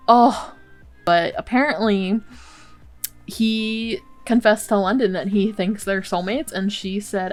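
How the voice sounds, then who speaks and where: A woman's voice: medium pitch, measured pace, faint music behind. A woman hosting a Let's Play, giving casual, chatty gameplay commentary full of exclamations and laughter.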